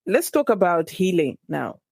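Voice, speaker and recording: A woman hosting an interview, measured and gently guiding the conversation. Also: fairly low pitch, very animated, vocal fry, husky, no room sound. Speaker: podcast host. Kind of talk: interview questions.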